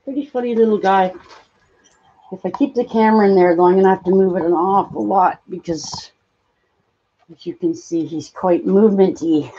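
A woman hosting a casual live stream, cooing at her pet in high baby talk between plain explanations. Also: normal speed, dark tone, muffled recording, a little hiss or hum.

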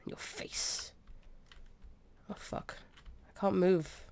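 A young woman playing a game and commenting, excitable and swearing as she shouts orders at her troops. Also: low voice, slow pace, creaky, long pauses, clear, resonant tone. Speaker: gaming streamer. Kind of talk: let's play commentary.

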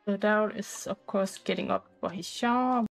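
A woman's voice: mid-range voice, fairly even intonation, moderate pace, creaky, soft background music, poor audio. A woman casually narrating a life-sim game playthrough in a rambling, talkative way with loose grammar. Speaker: gameplay narrator.

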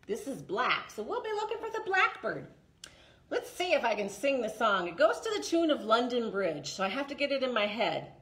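A woman running a toddler story time, her voice high and bright as it swoops up and down. She talks slowly and sing-song to little children, leading songs and finger plays. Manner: slow, sing-song and animated, talking to small children. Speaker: children's librarian.

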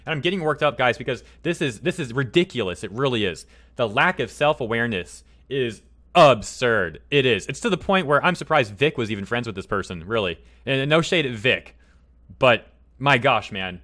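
A man's voice: mid-range voice, animated, moderate pace, a bit bright. A man hosting a commentary vlog, ranting heatedly and repeating his points for emphasis. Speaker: commentary channel host.

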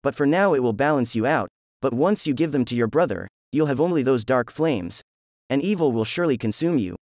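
A man's voice: medium pitch, lively intonation, a little fast, a little mellow, no echo, clean studio sound, close to an everyday voice. A man voicing a dying ancient white dragon who speaks in a solemn, foreboding way. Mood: ominous.

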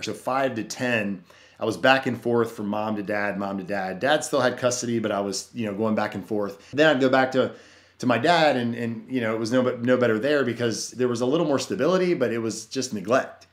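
A man's voice: medium pitch, moderate pace. A man telling his life story as a podcast guest, earnest and rambling, with many "you know" fillers and restarts. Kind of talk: personal testimony in casual conversation. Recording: roomy echo.

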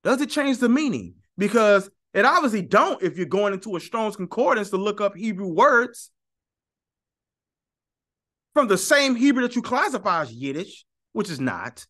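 A man's voice: high-pitched, big pitch swings, normal speed, fairly bright tone. A man giving an emphatic, argumentative teaching monologue on his channel, often repeating points for stress. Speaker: YouTube teacher.

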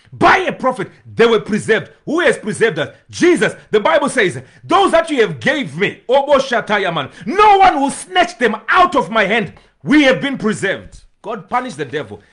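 A male pastor delivering a fiery sermon in a husky, fairly high voice. His pitch leaps and falls in wide swings as he moves from shouted proclamations down to near-whispered pleas. Now and then he breaks into speaking in tongues. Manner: preaching with rising shouts and tongues, swings from loud to hushed.

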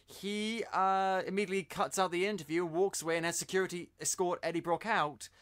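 A man hosting a podcast, reviewing a film in casual chat, exasperated and ranting with quick asides. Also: high voice, steady tone, fairly bright tone. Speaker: podcast host.

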